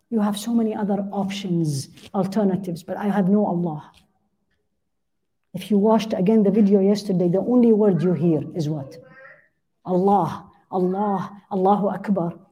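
A woman's voice: medium pitch, dark tone, slightly rough. A woman giving a religious lesson, translating Arabic supplications line by line and putting questions to her listeners. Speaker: religious teacher.

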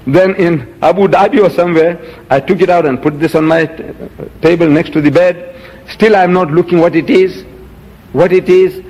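A man's voice: fairly high pitch, fairly even intonation, moderate pace, a little mellow, big-room sound, highs cut off. A man giving a public lecture, indignant and rhetorical, holding up items for the audience. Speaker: Muslim lecturer.

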